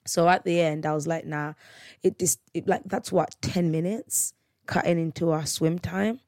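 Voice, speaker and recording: A woman's voice: fairly low pitch, steady tone, normal speed, darkish tone, dry recording, clean studio sound. A woman, casually retelling a dispute on a podcast and acting out both sides of it. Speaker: podcast host. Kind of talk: casual storytelling.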